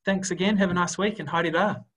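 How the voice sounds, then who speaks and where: Upbeat New webinar host. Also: male voice, high voice, steady tone, brisk, a bit bright, rough recording. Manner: friendly, upbeat interviewer. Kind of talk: hosting a webinar.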